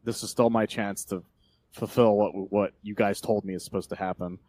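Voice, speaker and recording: A man's voice: on the low side, steady tone, normal speed, darkish tone, lightly acted. Man doing a stubborn android tyrant, offhand and fixated, podcast host's own voice. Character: cold, single-minded male alien android villain.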